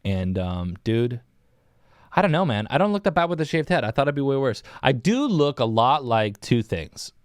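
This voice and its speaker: A young man chats alone on his podcast in a loose, rambling way, laughing as he goes and tossing in "dude" every few lines. His voice is smooth and resonant, and the sound is close and dry. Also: medium pitch, big pitch swings, normal speed, no room sound. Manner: rambling, laughing often, saying "dude" a lot. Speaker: podcast host. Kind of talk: casual solo podcast chat. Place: small windowless indoor room.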